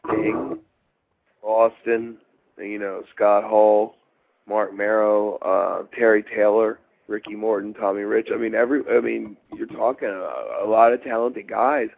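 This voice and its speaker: Middle-aged guy from baltimore, low gravelly voice, rambly, lots of you know, sounds like a phone line. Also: fairly even intonation, measured pace. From Baltimore, USA. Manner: meandering, full of fillers and restarts. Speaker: interview guest, former wrestler. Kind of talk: rambling shoot interview storytelling.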